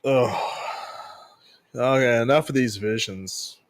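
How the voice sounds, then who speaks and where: Male player, relaxed tabletop role-play chatter, dry close sound. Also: medium pitch, slow pace, no echo.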